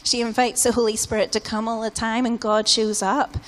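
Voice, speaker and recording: A woman's voice: a little high, little pitch movement, normal speed. A British woman preaching a sermon in a casual, conversational way, often saying "like" and "you know". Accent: British English. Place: church hall. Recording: long hall reverb in a church.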